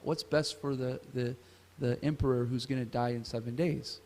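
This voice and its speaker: A man's voice: mid-range voice, fairly even intonation, normal speed, darkish tone. A man teaching a scripture class at a temple, retelling a story and asking the audience questions. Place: temple hall. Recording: reverberant temple hall.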